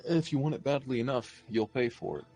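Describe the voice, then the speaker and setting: A man's voice: medium pitch, brisk, a little mellow, soft background music, voice pushed up, close to an everyday voice. A man voicing a greedy, sly older male shopkeeper in a tabletop game. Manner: sly, haggling.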